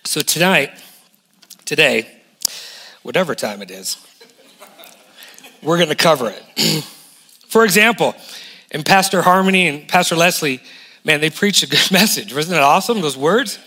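A man in his forties preaching a lively sermon as a guest pastor, emphatic and full of rhetorical questions. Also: on the high side, measured pace, pauses often, breathy edge. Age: 40s.

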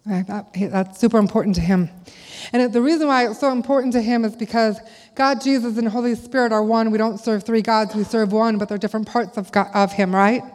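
A woman's voice: fairly high pitch, steady tone, fairly quick, a little mellow. A middle-aged woman giving a conversational sermon to a church audience, full of rhetorical questions. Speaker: speaker at a church gathering. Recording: long hall reverb.

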